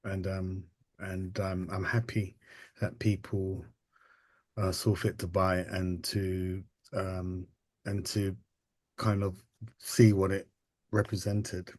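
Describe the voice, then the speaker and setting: Brief: male guest, very deep voice, dry close mic, thoughtful and halting. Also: flat delivery, darkish tone, no room sound. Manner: halting and reflective, many ums and restarts. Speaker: interview guest, photographer and artist. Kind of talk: casual interview storytelling.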